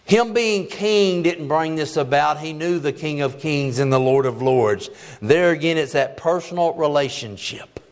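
High-pitched guy preaching, folksy and plain-talking, drags out the big words for emphasis. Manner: emphatic, stretches key phrases slowly. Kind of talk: sermon.

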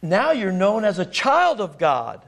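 A man's voice: high voice, huge pitch swings, measured pace, creaky. A middle-aged man preaching a sermon, quoting scripture and firing rhetorical questions at his congregation.

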